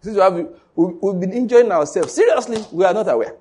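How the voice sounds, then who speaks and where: A man's voice: high voice, lively intonation, quick pace, darkish tone, breathy edge. A man preaching a sermon, emphatic and repetitive, often asking the congregation whether they follow.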